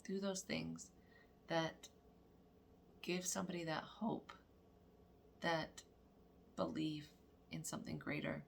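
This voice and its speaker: Mom telling a story on her vlog, low gravelly voice, acts out all the quotes. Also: takes it slowly, long pauses, a little hiss or hum. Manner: animated, acts out quotes, laughs often. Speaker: mother of daughters. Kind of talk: casual spiritual storytelling vlog.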